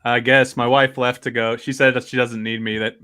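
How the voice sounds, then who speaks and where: A man's voice: mid-range voice, little pitch movement, a little fast, bright, forceful tone, clean tone, no room sound. A man hosting a casual podcast chat, rambling and laughing often as he talks. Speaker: podcast host.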